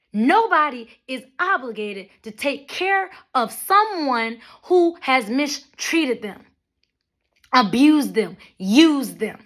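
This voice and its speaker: A young adult woman vlogging a blunt, profane rant to her viewers, with mocking asides and animated storytelling. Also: on the high side. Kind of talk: ranting monologue to camera.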